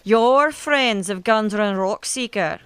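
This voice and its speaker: A man's voice: sits high, slow, a bit bright, reverberant, a little hiss or hum, pitched above the performer's own voice. A man voicing a short, fierce older innkeeper woman in a tabletop game, brusque and scolding. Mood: eager. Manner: brusque, scolding, then conspiratorial. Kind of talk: tabletop game role-play.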